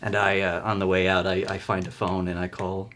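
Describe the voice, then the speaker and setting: A man playing a tabletop game, describing his character's actions in an animated way, hesitating with fillers. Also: deep voice, fairly quick, a little hiss or hum. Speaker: player.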